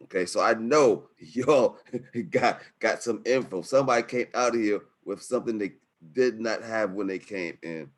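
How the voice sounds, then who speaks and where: A man hosting a webinar from home over a video call, wrapping up with energetic, slangy, emotional talk. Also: fairly low pitch, moderate pace. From New York City. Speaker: webinar host. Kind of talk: hyped-up casual webinar wrap-up. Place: home setup in Harlem.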